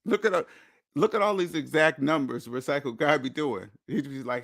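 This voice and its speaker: Host, male, slightly high voice, blunt lecturing delivery, dry close recording. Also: animated, a little fast, gravelly, no echo. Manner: blunt, lecturing, repeats points for emphasis. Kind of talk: casual monologue.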